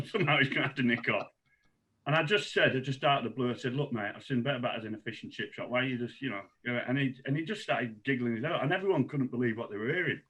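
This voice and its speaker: A man telling rowdy dressing-room stories with a mid-range voice, plenty of swearing and little laughs along the way. It is a relaxed podcast chat, full of punchlines and asides. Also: medium pitch, husky. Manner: animated storyteller, salty language, chuckles. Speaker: guest, cricket coach. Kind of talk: casual anecdote telling.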